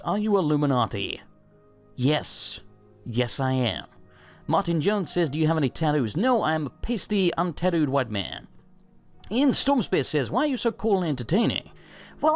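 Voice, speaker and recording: A young man chats casually at his home mic, his pitch swinging widely as he jokes and swears through viewer questions. His delivery is loose and self-mocking. Faint game music plays underneath. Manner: loose, profane and self-mocking, reading out questions then rambling answers. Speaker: channel host answering viewer questions. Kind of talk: casual Q&A with gameplay in background.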